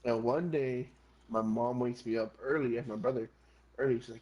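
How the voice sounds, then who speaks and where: A man's voice: medium pitch, fairly even intonation, moderate pace, darkish tone, a little hiss or hum, rough recording. Rambling, cursing young man telling a story. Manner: profane, rambling, says "bro" a lot; switches between English and Spanish. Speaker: gamer streamer. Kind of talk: casual storytelling while gaming.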